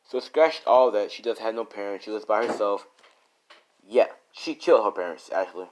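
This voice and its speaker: A man's voice: fairly low pitch, expressive, normal speed, a little hiss or hum. Man rambling through a made-up story. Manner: rambling, many restarts and fillers.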